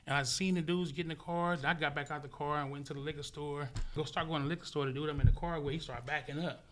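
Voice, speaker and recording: Male guest from Los Angeles, slightly higher voice, animated and profane storyteller who punches his story up with sound effects. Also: fast talker, slight background noise. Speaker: interview guest. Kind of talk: casual storytelling in conversation.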